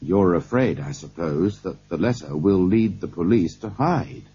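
A man voicing a serious, careful lawyer who asks grave, measured questions in an audiobook. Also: low-pitched, animated, mellow, breathy edge, pitched below the performer's own voice, full character voice. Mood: doubtful. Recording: dull lo-fi cassette tape.

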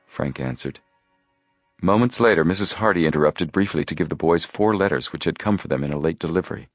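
A man reading a children's mystery book aloud with expressive storytelling. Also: deep voice, a little fast, faint music behind. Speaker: audiobook narrator. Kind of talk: scripted narration.

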